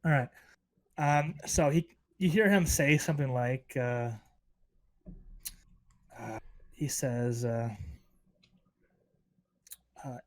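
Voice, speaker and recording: A man narrating as game master in a tabletop role-playing session, talking with frequent pauses and fillers. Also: mid-range voice, steady tone. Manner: hesitant, many fillers.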